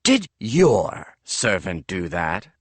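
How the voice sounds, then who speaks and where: A man reading an audiobook voices a harsh, blindfolded enemy commander who speaks slowly and coldly. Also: sits low, very animated, husky, no room sound, full character voice. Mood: suspicious. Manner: cold, slow and threatening.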